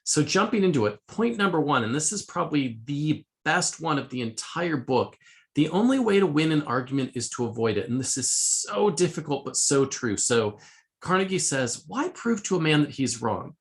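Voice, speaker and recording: A man's voice: a little high, sing-song, moderate pace. A middle-aged man presenting a conversational lesson summarizing a self-help book, quoting passages and restarting phrases as he talks. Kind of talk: casual spoken lesson.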